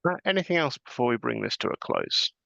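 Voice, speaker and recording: Gravelly low-voiced man, dry sound. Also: fast, no room sound. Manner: relaxed, rambling, chuckles often. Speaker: podcast host. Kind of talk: casual chat. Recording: dull lo-fi sound.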